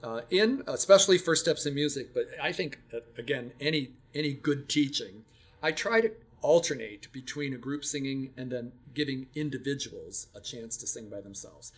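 An older man speaking at an ordinary middle pitch, in a relaxed teaching conversation. He shares stories from a long career in music education, often restarting a sentence as he thinks. His manner is reflective and unhurried. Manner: reflective, storytelling, frequent restarts. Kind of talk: casual teaching talk.

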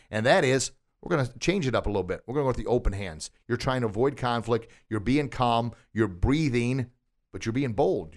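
A man hosting a coaching podcast from a recording studio, encouraging and upbeat, quizzing his listener with questions and praising the answers. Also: mid-range voice. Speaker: podcast host and martial arts instructor. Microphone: studio microphone.

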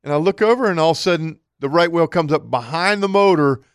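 A man co-hosting a fishing radio show, telling an excited story. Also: on the high side, quick pace, smooth, no room sound, studio quality. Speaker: co-host. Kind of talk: casual radio chat.

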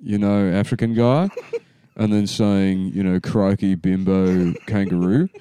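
A man co-hosting a comedy podcast, blunt and joking, cursing casually as he argues a point. He talks slowly, with a smooth, clean voice. The recording is dry and close. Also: deep voice, fairly even intonation, mellow, no room sound. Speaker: podcast co-host.

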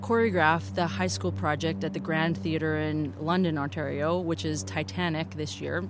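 Sitting low and steady at a normal speed, this woman's voice comes through background noise. She is a choreographer and assistant director giving an upbeat, casual interview at an outdoor open-air theatre, using "like" as a constant filler.

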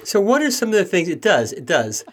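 A man's voice: sits high, wildly swooping pitch, fairly quick, a little hiss or hum. A man hosting an interview, asking questions and reassuring fellow parents. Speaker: podcast host and parent. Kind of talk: casual interview chat.

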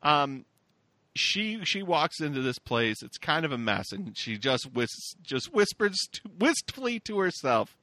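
Lively joking man on a podcast. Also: a little high, a little slow, dry recording. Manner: animated, jokey, acts out scenes. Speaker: podcast co-host. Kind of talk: casual chat.

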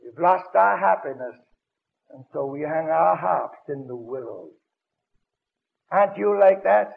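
Older male evangelist, high gravelly voice, dramatic storyteller; dull old broadcast sound. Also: lively intonation, unhurried. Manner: dramatic storytelling with sudden loud bursts. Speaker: evangelist preacher. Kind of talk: radio broadcast sermon.

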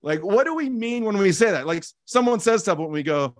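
This podcast host speaks high with big pitch swings, fairly quickly and hardly pausing, in a dry, studio-quality recording. His reflective teaching talk is earnest, emphasizing key phrases by repetition, full of casual restarts and fillers.

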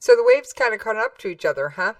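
A woman's voice: fairly high pitch, huge pitch swings, quick pace, gravelly, no room sound, recorded from a distance. A woman hosting a casual chat, giving short, encouraging replies. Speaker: host.

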